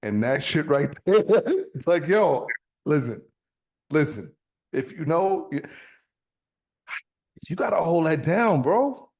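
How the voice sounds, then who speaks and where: A man with a gravelly, fried edge and a voice that sits a bit high co-hosts a podcast. He rambles through casual chat, swearing freely and stumbling over repeated words. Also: big pitch swings, slow pace, long pauses, a little mellow. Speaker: podcast co-host.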